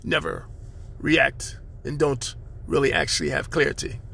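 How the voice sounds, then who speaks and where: A man's voice: medium pitch, very animated, a little slow, vocal fry, pushed and bright, a little hiss or hum. A man hosting his own podcast, delivering a rambling spiritual monologue with preachy, chanted repetitions. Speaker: podcast host.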